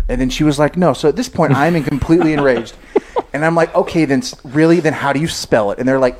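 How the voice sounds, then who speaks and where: A man hosting a casual podcast, telling a childhood story with lively acted-out quotes. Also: medium pitch, fast, background noise. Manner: animated, acts out quotes in his stories. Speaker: podcast host.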